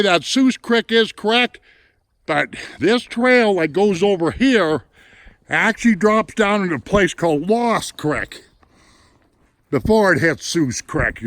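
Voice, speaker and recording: Man, plain-spoken hiking vlogger, a bit winded, fairly high pitch, dry sound, outdoors on a trail. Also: fairly bright tone, dry recording. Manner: folksy, plain-spoken, chatty. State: somewhat out of breath. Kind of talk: casual narration while hiking.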